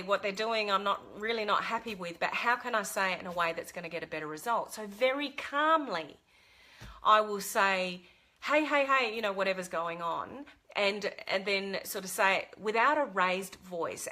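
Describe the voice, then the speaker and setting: A woman's voice: medium pitch, sharp tone. A middle-aged woman talking to camera, giving earnest life advice with fillers and restarts. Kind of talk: casual talk to camera.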